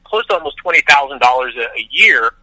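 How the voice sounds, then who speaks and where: A man from Las Vegas, a film director, telling his story as an interview guest in an animated way, often restarting his sentences. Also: medium pitch, quick pace, no room sound, poor audio. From Las Vegas, USA.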